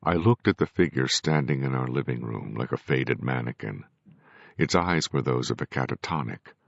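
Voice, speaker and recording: A man narrating a novel in first person, measured and grave. His voice is extremely deep and gravelly. The sound is dry and dull, with a lo-fi, muffled top end. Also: animated, no echo. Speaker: audiobook narrator.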